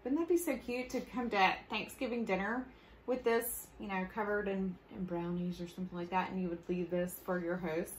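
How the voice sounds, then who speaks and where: A woman's voice: medium pitch, steady tone, moderate pace, a little hiss or hum. A woman with a Southern accent, hosting a casual live craft demonstration in a bubbly, chatty way with frequent laughs. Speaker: host. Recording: echoey room with faint ambience.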